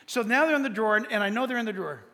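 A pastor preaching a sermon in an animated, storytelling way, speaking straight to his congregation. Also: high voice, very fast, big-room sound, a little hiss or hum.

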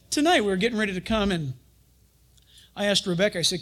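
High-voiced man preaching with chuckles. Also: moderate pace. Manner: animated storytelling, chuckles often, acts out quotes. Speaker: pastor and Bible teacher. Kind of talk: sermon.

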